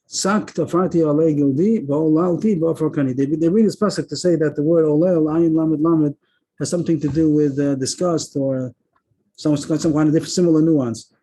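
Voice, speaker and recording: A man, teaching a verse-by-verse text class over a video call, thinking aloud frequent pauses and restarts. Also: on the high side, mellow, husky.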